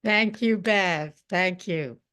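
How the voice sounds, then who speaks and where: A woman's voice: on the low side, slow pace, a bit bright, smooth. A woman hosting a storytelling event, enthusiastically introducing the next teller over a video call. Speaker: event host.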